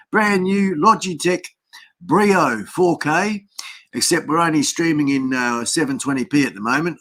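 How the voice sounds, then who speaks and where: A man's voice: medium pitch, bright, forceful tone. A middle-aged Australian man hosting a casual livestream from his home desk, rambling through greetings to viewers with many fillers. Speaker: livestream host. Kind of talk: casual live-stream chat.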